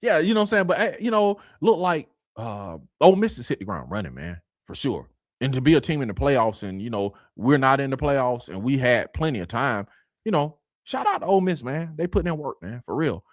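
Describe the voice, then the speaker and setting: Man as energetic sports show host, bright and swinging, dry close sound. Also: mid-range voice, fairly quick, dry recording. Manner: animated, greets viewers by name, slangy. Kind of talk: casual sports chat.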